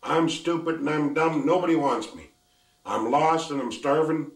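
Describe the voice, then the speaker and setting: A lost little girl, as an elderly storyteller puts her on, lifting his voice well above its usual pitch and pressing out her troubles in a plaintive, gravelly whine. She is heard in an echoey room, some way from the mic. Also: moderate pace, far from the mic. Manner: plaintive, complaining. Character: lost, weeping young girl, frightened and self-pitying.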